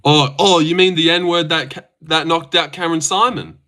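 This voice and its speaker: A man's voice: a little high, fairly even intonation, normal speed, pushed and bright. A young man chatting casually on a stream, joking, teasing and swearing as he reacts.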